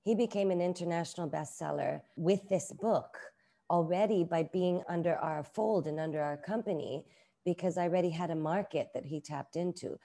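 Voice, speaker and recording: A woman's voice: on the low side, normal speed, warm tone. A middle-aged woman, an author and publisher, talking casually in an interview with many filler words. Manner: chatty, uses many "like" fillers.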